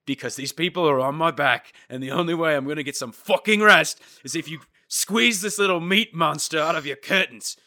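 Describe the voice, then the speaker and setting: A man's voice: fairly high pitch, a little fast, few pauses, voice pushed up. A man putting on a mocking voice of a smug British male official. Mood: exasperated. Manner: exaggerated, loud mockery.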